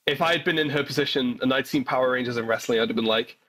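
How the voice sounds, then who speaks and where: A man's voice: mid-range voice, fast, a bit bright. A man co-hosting a podcast in casual chat, blunt and swearing freely, often stammering as he restarts. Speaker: podcast co-host.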